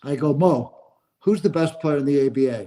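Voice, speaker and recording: A man in his seventies, a sports agent guest, telling stories with animated energy and frequent laughter. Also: fairly high pitch, a little fast, low-quality recording. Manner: animated, laughs through anecdotes. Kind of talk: casual storytelling.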